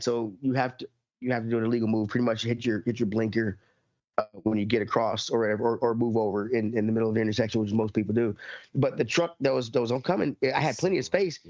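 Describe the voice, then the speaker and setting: A man hosting a podcast, ranting about everyday annoyances and swearing constantly. His voice is mid-pitched and sits close and dry in a dull, lo-fi recording. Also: darkish tone, dry recording. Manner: ranting, swears a lot, laughs. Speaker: podcast host. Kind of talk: casual profane chat. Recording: dull lo-fi sound.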